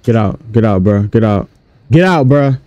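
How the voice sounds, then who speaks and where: A man giving casual, animated let's-play commentary on a horror game, chatting to his viewers in slang. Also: lowish voice, normal speed, no echo, soft background music. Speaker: gaming YouTuber.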